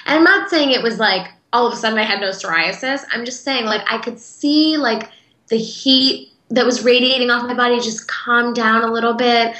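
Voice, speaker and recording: Woman guest chatting, bright forceful voice, earnest, kinda echoey room. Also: on the high side. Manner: earnest, heartfelt, talks in quick bursts with fillers. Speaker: interview guest. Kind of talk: casual interview conversation.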